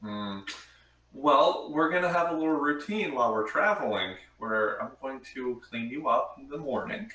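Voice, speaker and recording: A man voicing a calm female wizard who is fussy about cleanliness, speaking in a measured, mildly teasing way. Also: medium pitch. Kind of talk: tabletop role-play in character. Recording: echoey room, far from mic.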